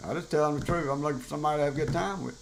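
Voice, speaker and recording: Older guy on his show, cussing a lot, just rambling through a story, voice sits a bit high. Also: rapid-fire, creaky, slight background noise, low-quality recording. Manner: blunt, profane, rambling storytelling. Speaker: podcast host. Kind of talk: casual monologue.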